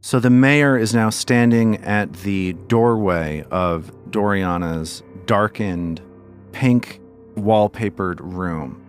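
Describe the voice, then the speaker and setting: A man running a tabletop game as game master, narrating in a relaxed way and often repeating words as he thinks. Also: fairly low pitch, takes it slowly, faint music behind.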